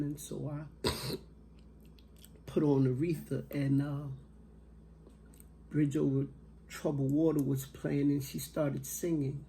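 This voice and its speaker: A middle-aged man telling a personal story as a motivational speaker, slow and reflective with long pauses. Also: fairly high pitch, creaky, mellow, a little hiss or hum.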